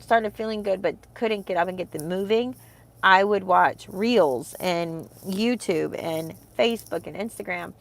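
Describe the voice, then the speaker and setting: This homeschooling vlogger, a woman in her thirties, has a gravelly, medium-pitched voice. Chatting casually to camera, she rambles with heartfelt feeling and frequent fillers, emotional and close to tears.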